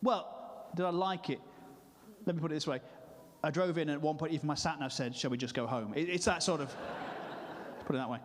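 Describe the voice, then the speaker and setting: Man doing stand-up with an echo. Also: on the high side. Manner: chatty, teasing the audience, with quick asides. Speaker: stand-up comedian. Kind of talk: live stand-up comedy. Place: church hall, live show. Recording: long hall reverb.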